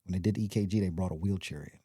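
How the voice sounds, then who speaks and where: A man's voice: low voice, rapid-fire, dark tone, no echo, clean studio sound. A man from Compton, a podcast guest, telling a long personal story in a rambling way and acting out the quoted voices. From Compton, California. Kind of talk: storytelling in casual interview.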